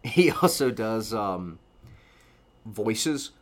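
A man co-hosting a casual podcast, rambling and animated, laughing often. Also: fairly low pitch, very slow. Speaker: podcast co-host. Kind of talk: casual chat.

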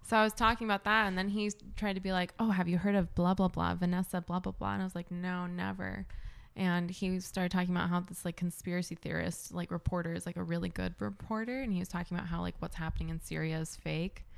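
Woman podcast guest: gravelly, blunt, profane, casual storyteller. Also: on the low side, little pitch movement, quick pace. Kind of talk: casual chat.

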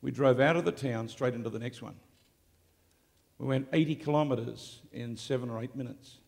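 A man preaching live to a congregation, moving between hushed storytelling and loud, shouted declarations. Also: mid-range voice, normal speed, gravelly, in a large hall. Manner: swings from quiet storytelling to shouted exclamations. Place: large hall, live event.

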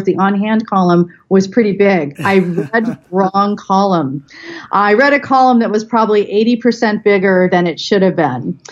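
A woman guest on a podcast tells a story from her working life, chatty and animated. Her voice sits mid-range. The recording sounds slightly dull and lo-fi. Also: medium pitch. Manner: chatty, animated anecdote telling with laughs. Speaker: guest, business consultant.

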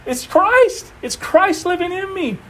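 A man preaching an informal sermon, animated and emphatic, repeating phrases and laughing often. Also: very high-pitched, a little slow. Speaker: preacher teaching a Bible study.

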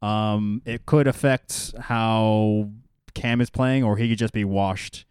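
A man with a low-pitched, smooth voice rambles through a casual sports chat, stopping and restarting his sentences. He sounds close to the mic in a dry room. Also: steady tone, slow, a little mellow, no room sound. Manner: loose and rambling, many fillers and restarts. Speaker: podcast co-host. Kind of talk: casual fantasy football chat.

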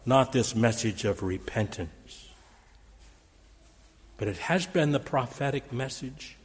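Pastor, man, mid-pitched, theatrical preaching style, recorded in a reverberant sanctuary. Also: lively intonation, slow pace. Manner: dramatic, quoting scripture with raised force. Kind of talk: sermon. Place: church sanctuary.

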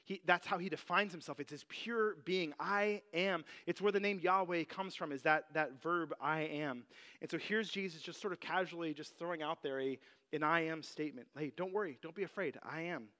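A man teaching a Bible passage in a relaxed, conversational sermon, full of "like" and "you know". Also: a little high, normal speed.

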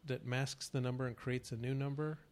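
A man's voice: medium pitch, fairly even intonation, brisk. A man chatting casually as a podcast co-host, telling rambling stories and acting out phone callers. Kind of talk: casual chat.

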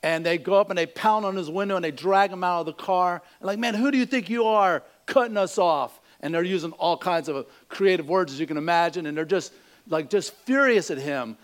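A man's voice: fairly high pitch, fairly quick. A man preaching a sermon, telling a joke in a folksy storytelling way before teaching from scripture. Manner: folksy storytelling, acts out voices in jokes. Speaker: pastor.

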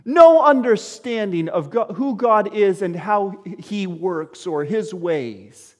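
A man preaching a sermon to his congregation, firing off rhetorical questions and swinging between loud exclamations and quiet, low asides. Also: expressive, takes it slowly, in a large hall. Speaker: pastor.

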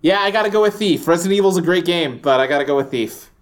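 A man co-hosting a casual gaming podcast, relaxed and chatty, with lots of fillers and the odd swear. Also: high voice, fast talker. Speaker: podcast co-host. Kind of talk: casual chat.

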